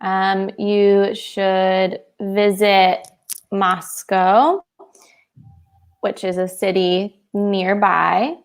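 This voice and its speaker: A woman's voice: mid-range voice, fairly even intonation. A woman co-hosting an English lesson over a video call. She talks thoughtfully and laughs easily. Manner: slow, thoughtful, giggly. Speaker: webinar co-host. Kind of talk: casual online English lesson.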